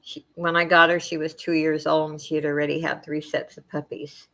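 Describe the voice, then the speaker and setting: A middle-aged woman hosting a casual chat with her viewers, soft-spoken and emotional, wandering from thought to thought with many fillers. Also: low voice, level tone, fairly quick. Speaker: channel host chatting with viewers.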